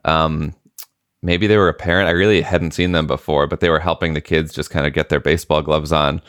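A man's voice: rumbling low, brisk, no room sound, studio quality. A man in his late thirties, a podcast co-host, telling a family story in casual chat and acting out the quotes. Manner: animated storytelling, acts out quotes.

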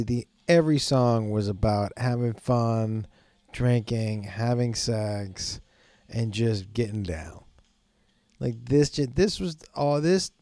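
A man's voice: medium pitch, dark tone, no room sound. A man hosting his podcast, rambling in a casual, profane, self-mocking way and often breaking into laughter. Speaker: podcast host.

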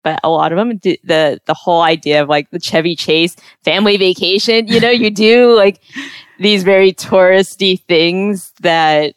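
Woman host, casual and rambling, slightly low voice, dry close mic. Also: steady tone, moderate pace, clear, resonant tone, no echo. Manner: casual, filler-heavy. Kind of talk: casual interview chat.

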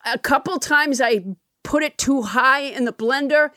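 A woman's voice: sits high, a little slow, bright, forceful tone, no echo, studio quality. A woman co-hosting a podcast, telling a story in a rambling, amused way. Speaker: podcast co-host. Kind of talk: casual chat.

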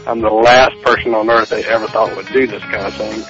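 A man's voice: lowish voice, fairly even intonation, fairly bright tone, muffled recording, faint music behind. Man with a South Georgia drawl. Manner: halting, many fillers. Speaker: listener calling in. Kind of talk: recorded voicemail.

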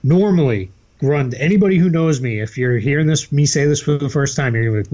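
A man with a faint Boston accent, co-hosting a podcast in casual, animated chat. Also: mid-range voice, fast talker, hardly any pauses, muffled recording. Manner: animated, laughs easily. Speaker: podcast co-host.

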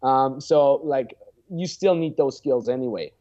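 A man's voice: medium pitch, measured pace, warm tone, muffled recording. A man in his twenties, a guest dating coach, chatting casually in a blunt, profane way and acting out example lines. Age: 20s. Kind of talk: casual podcast chat.

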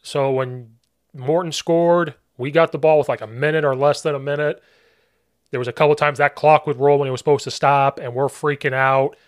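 A man hosting a casual podcast, a football coach himself, talking in animated bursts and laughing along. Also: on the high side, clear, resonant tone. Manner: animated, laughs along, quick back-and-forth. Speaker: podcast host and high school football coach.

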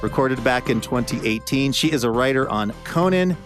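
A man hosting a radio show, chatting in an easygoing, relaxed way with his co-host. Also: medium pitch, moderate pace, over music.

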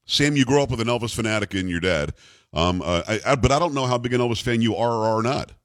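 A man's voice: mid-range voice, fast, no echo, clean studio sound. A middle-aged man hosting a radio talk show, rambling and teasing his co-hosts. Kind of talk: casual talk radio banter. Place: radio studio.

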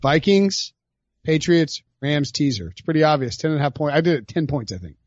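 A man's voice: fairly high pitch, lively intonation, a little fast, no echo, highs cut off. A man hosting a podcast, chatting casually about football picks with jokey asides. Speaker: podcast host. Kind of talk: casual sports betting chat.

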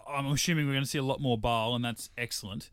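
A man's voice: medium pitch, fairly even intonation, quick pace, fairly bright tone, smooth, no echo. Chatty Australian man on a dry podcast mic. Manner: chatty, rambling, reads listener mail aloud. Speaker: podcast co-host. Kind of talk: casual chat.

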